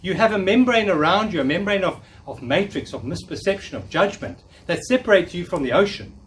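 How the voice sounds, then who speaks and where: A man's voice: high-pitched, lively intonation, fairly quick, a bit bright. A man in his fifties giving a live talk, coaching and encouraging the audience in a room. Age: 50s. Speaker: workshop speaker. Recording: distant mic, faint noise.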